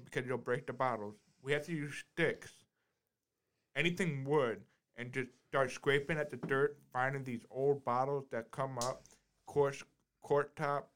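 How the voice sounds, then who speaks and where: Dude rambling thru a story, keeps repeating himself, swears casually. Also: male voice, medium pitch, a bit bright.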